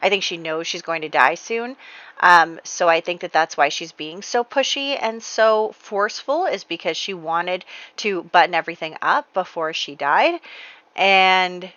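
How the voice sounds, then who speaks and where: Woman gamer narrating play, chatty, lowish bright voice, dry dull lo-fi recording. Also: a little slow, no room sound. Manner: chatty storyteller, many fillers and "like". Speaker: Sims gameplay creator. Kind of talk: casual gameplay narration.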